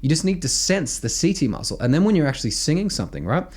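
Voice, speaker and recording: An Australian man explains vocal exercises with lots of energy, his pitch jumping up and down as he talks. He presses his points hard and keeps tossing in "right?" to check the listener is following. He sounds like a singing teacher walking a student through the technique. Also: fast talker, slightly rough. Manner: animated, emphatic, peppers speech with "right?". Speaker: vocal coach. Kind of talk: instructional explanation with sung demos.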